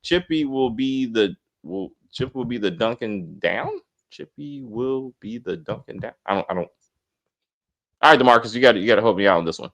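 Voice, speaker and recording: A man hosting a casual TV episode review, talking bluntly and swearing freely. His voice is lively, with wide swings in pitch, and he sits in the middle of the male pitch range. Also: normal speed. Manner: blunt and profane, animated, laughs often. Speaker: host of a TV episode review channel. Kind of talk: casual spoiler review chat.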